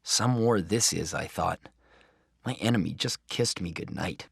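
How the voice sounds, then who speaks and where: A man reading a children's chapter book aloud in an expressive first-person narration. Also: low voice, measured pace, vocal fry, breathy edge, dry recording, clean studio sound. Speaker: audiobook reader.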